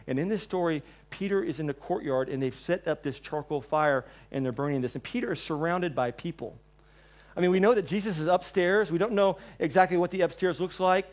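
A male preacher delivers a sermon in church, with a voice pitched a little above the usual. He is a lively storyteller who acts out the lines he quotes. His loudness rises and falls between forceful and hushed. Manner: animated storyteller, acting out quotes, swings between loud and soft.

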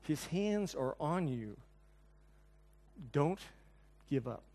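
A man putting on a Southern accent to voice a gentle, reassuring mentor who prays over him. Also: fairly high pitch, lively intonation, very slow, pitched below the performer's own voice, full character voice. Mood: tender.

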